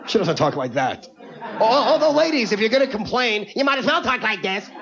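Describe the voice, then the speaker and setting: Brash, fast-talking male stand-up comic. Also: sits high, sing-song, gravelly, sharp tone, a faint crowd. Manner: brash, rapid-fire, ranting. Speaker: stand-up comedian. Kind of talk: stand-up comedy set. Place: comedy club stage before a live audience. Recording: lo-fi TV broadcast with audience.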